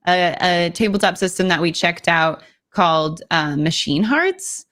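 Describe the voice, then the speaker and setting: A woman's voice: lowish voice, measured pace, fairly bright tone. A woman chatting casually as a guest player, bubbly and rambling and laughing often. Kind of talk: casual chat.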